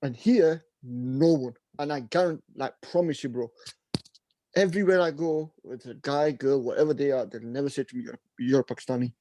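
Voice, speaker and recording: A young man with a Bradford accent chats on a podcast in a relaxed, storytelling way. His voice is mellow and dark, recorded dry and close. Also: medium pitch, brisk, dry recording. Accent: Bradford English. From England. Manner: laid-back, tells stories, mimics people. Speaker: podcast co-host. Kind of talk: casual chat.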